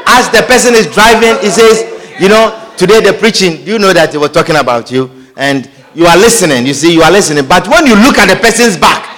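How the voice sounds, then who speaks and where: A man's voice: sits high, fast, few pauses, a bit bright. A man pastor preaching a sermon, acting out scripture quotes and everyday scenes with frequent laughter.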